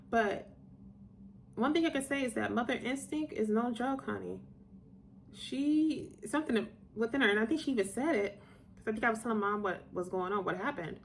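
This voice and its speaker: A woman's voice: fairly high pitch, a little hiss or hum. Chatty middle-aged woman storyteller. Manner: chatty, digressive, animated when quoting people. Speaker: vlogger telling personal stories. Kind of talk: casual storytelling to camera.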